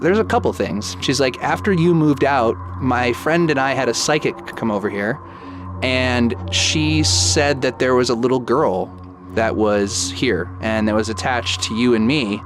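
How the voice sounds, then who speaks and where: A man's voice: mid-range voice, unhurried, music in the background. A man in his thirties telling a personal ghost story in a casual way, acting out the quoted dialogue and using lots of "like". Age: 30s. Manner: lively retelling that acts out quoted dialogue, with many "like"s. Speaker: guest storyteller.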